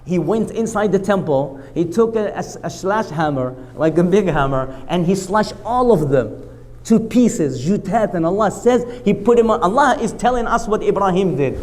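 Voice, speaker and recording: A man's voice: sits high, moderate pace. A man giving a storytelling lecture at a mosque, acting out the quoted speech, with non-native English grammar. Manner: animated retelling that acts out quoted speech. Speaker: lecturer at a mosque family night.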